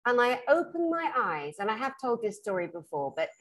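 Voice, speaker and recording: British woman, therapist, casual storytelling, blunt, animated, fairly high voice. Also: a little fast. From Britain. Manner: animated storyteller who acts out the people she quotes; frank and blunt, laughs through her stories. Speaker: spiritual therapist.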